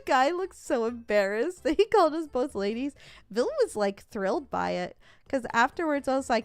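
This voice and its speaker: A woman's voice: sits high, animated, normal speed, smooth, no room sound. A woman streamer chatting casually, telling stories with lots of laughter and fillers. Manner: giggly storytelling, frequent laughs and fillers. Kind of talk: casual chat. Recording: dry close mic, faint music behind.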